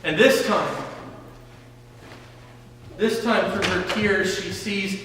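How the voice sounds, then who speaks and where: A man preaching a sermon as pastor, slowly retelling a scripture story and often repeating words. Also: sits high, background noise. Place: church sanctuary. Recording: echoey church hall from a distance.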